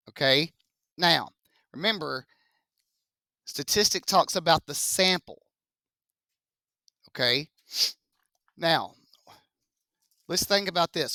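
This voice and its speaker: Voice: medium pitch, sharp tone, no echo, studio quality. A young-adult math teacher, giving a chatty classroom statistics lecture, quizzing students and adding joking asides.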